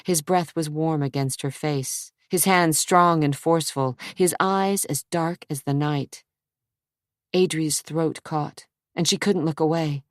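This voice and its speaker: A woman narrating a suspense audiobook in a measured, steady storytelling manner. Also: deep voice, no echo, studio quality. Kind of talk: scripted narration.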